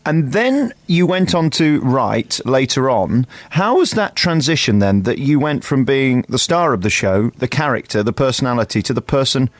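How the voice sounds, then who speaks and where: A man hosting a broadcast interview, asking quick, teasing follow-up questions. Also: mid-range voice, sing-song, dry recording. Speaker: interviewer, radio host.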